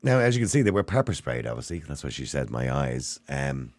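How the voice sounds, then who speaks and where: Animated Irish man hosting a phone-in. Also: very deep voice, a little fast, no echo. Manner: lively, pushes back on callers. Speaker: radio phone-in host. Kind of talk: phone-in talk show.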